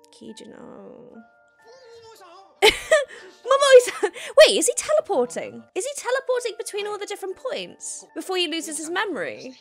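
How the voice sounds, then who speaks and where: A high-voiced woman reacting to a show as she watches it, her pitch swinging all over as she gushes and exclaims. The show's music runs faintly behind her. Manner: emotional, gushing, exclaims and laughs often. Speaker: reaction video host. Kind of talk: casual reaction commentary.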